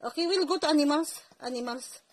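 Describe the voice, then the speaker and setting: A woman's voice: sits high, quick pace, a little hiss or hum. A mother with a Filipino accent reading a picture book to her toddler at bedtime, repeating each word back and praising often. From Philippines.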